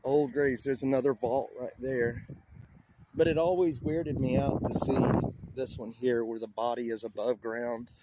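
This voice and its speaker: A man's voice: medium pitch, steady tone, a little slow, noisy background. A man live-streaming outdoors on a phone, shivering from the cold, rambling and talking to his chat. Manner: rambling, laughs often, talks to chat. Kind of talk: casual live-stream narration. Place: outdoors in a cemetery. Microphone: phone held in hand.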